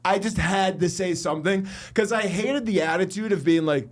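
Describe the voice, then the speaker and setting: A man's voice: sits high, moderate pace, few pauses. A young man co-hosting a podcast, telling rambling stories in a casual chat with lots of swearing. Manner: swearing, animated storytelling. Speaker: podcast co-host.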